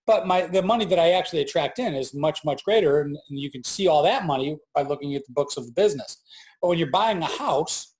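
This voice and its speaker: A man's voice: on the high side, quick pace. A man in his forties, an entrepreneur guest telling a story in a casual interview from his farm, acting out the voices of people he quotes. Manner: animated storyteller who acts out quoted voices.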